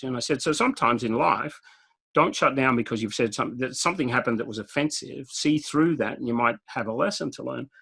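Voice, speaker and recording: A man with an Australian accent speaks directly in a casual interview, his voice gravelly and mid-pitched. He tells stories with frequent chuckles. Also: fairly bright tone, poor audio. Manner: direct, storytelling, chuckles often. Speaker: guest speaker.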